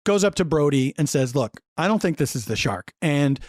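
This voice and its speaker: A man in casual podcast chat, telling a film's story with animated asides and acted-out character lines. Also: on the high side, normal speed, no room sound, studio quality. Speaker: podcast guest recapping a film.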